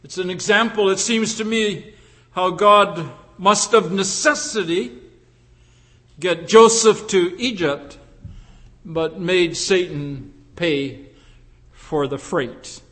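A man preaching a sermon as pastor, slow and deliberate, with many rhetorical questions put to the congregation. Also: sits high, fairly bright tone. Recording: long reverb in a large hall.

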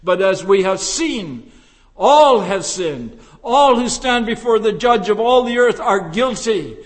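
High-voiced preacher in an echoing hall. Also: male voice, lively intonation. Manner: slow, deliberate preaching with emphatic rises. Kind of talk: sermon. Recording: long reverb of a large hall.

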